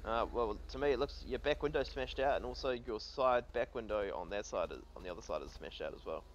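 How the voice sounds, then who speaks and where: A man's voice: mid-range voice, a little fast, natural voice. A man playing a patient, procedural police sergeant in a role-play game. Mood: businesslike. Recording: slightly muffled with faint vehicle hum.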